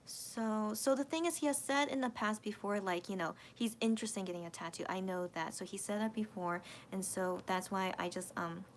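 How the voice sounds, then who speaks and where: This woman's mid-range voice runs brisk, with hardly any pauses, as she hosts a casual late-night livestream. Reading viewer comments, she thinks aloud hesitantly and keeps restarting, emotional with her voice cracking near tears, and there's slight background noise.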